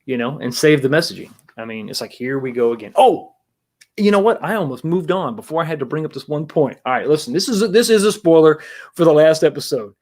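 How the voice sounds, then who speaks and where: Casting note: male livestream host, slightly higher voice, loose rambling delivery with restarts, chatting to viewers over a webcam mic. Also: expressive, quick pace, a little mellow. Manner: rambling, many restarts, greets chat viewers. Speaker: livestream talk show host. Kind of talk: casual livestream chat.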